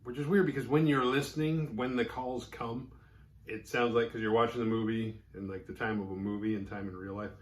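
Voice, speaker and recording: A man's voice: medium pitch, a little fast. A man casually recapping a horror movie, acting out the characters' lines as he tells it. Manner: animated, acts out characters' lines mid-recap. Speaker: horror movie podcast host.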